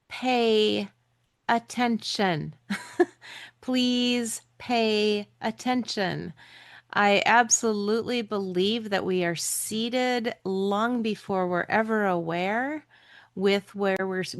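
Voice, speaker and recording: A woman's voice: a little high, no echo, studio quality. A woman hosting an interview, earnestly speaking straight to her listeners. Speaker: podcast host. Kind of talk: interview hosting, addressing the audience.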